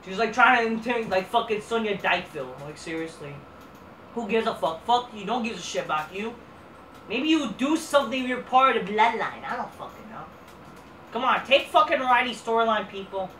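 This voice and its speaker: A woman's voice: a little high, expressive, a little fast, fairly bright tone, a little hiss or hum. A woman hosting a ranting wrestling review, blunt, profane and exasperated. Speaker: host. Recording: roomy echo from distant mic.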